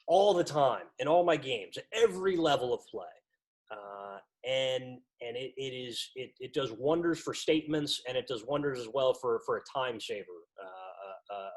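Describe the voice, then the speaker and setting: A man training lacrosse officials in an instructional talk, lively and acting out what coaches say. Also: medium pitch. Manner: lively, acts out quoted coaches.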